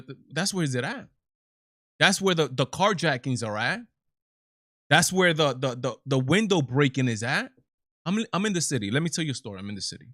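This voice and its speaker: A man's voice: fairly high pitch, fairly bright tone, dry recording, studio quality. A man hosting his own live commentary stream, talking emphatically with many repeats and restarts. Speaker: show host.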